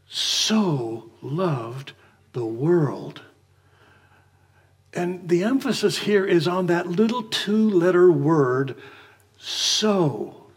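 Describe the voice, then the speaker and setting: 男性牧師、やや高めの声で説教. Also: male voice, high-pitched. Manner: measured preaching, slows for scripture readings. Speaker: pastor. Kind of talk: sermon.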